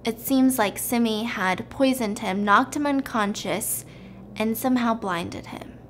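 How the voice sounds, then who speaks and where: A woman's voice: fairly high pitch, unhurried, a little hiss or hum. A young woman hosting a show, casually and animatedly retelling a film plot in a chatty way. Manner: animated, chatty, acts out scenes. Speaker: host.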